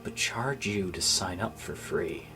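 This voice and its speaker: A man with a deep, low voice vlogs to his viewers, hesitant and full of fillers. He sounds low-spirited, and his voice often sinks to a breathy near-whisper. Faint music plays softly behind him. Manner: subdued and halting, many fillers, drops to near-whisper. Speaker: gaming YouTuber. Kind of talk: casual thank-you vlog. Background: faint background music.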